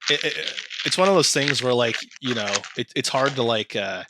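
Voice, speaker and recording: A man's voice: medium pitch, moderate pace, background noise. A man co-hosting a podcast in casual chat, emphatic and stumbling over his words. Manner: emphatic, hesitant, profane. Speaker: podcast co-host.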